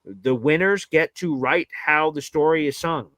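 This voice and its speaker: Animated, blunt man on a sports podcast. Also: a little high, a little slow, dry recording. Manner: animated, acts out fans' voices with mock sighs; blunt, emphatic opinions. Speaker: podcast co-host. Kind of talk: casual sports podcast chat.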